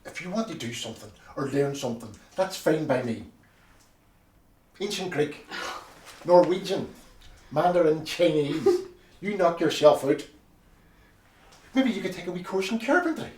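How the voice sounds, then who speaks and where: An actor playing a blustering, sarcastic loyalist husband with a Belfast accent. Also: male voice, fairly high pitch, a little mellow, natural voice. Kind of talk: film drama acting. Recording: roomy audio from a distance.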